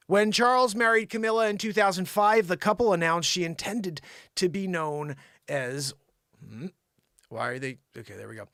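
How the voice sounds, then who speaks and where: A man's voice: high voice, fairly bright tone, no room sound, clean studio sound. A man hosting a live comedy news show, reading from a teleprompter and cracking asides to off-camera crew. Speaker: host.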